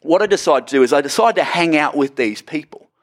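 A man in his thirties with an Australian accent, preaching to a church congregation as a guest pastor, joking and lively. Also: a little high, quick pace. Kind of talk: sermon. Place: church auditorium.

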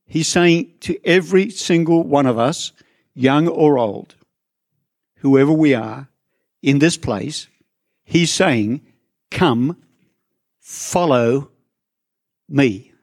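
A man preaches a sermon to his congregation in a church. His voice sits a bit high for a man and sounds dry and close to the mic. He keeps it conversational, with asides to people in the pews. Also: slow pace, pauses often, darkish tone, no room sound. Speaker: pastor.

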